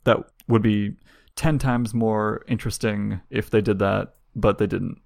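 Deadpan gravelly man, dry close mic. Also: fairly low pitch, a little slow, no echo. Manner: dry, deadpan, bored delivery. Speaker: podcast co-host, security guy. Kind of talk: casual tech chat.

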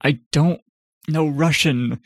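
A man co-hosting a casual chat, joking and sarcastic with quick quips. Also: a little high, no echo, studio quality. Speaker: podcast co-host.

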